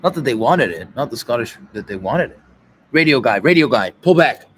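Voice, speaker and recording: A man talking in a loose, rambling monologue, swearing and quoting other people in quick voices. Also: mid-range voice, sing-song, slightly rough.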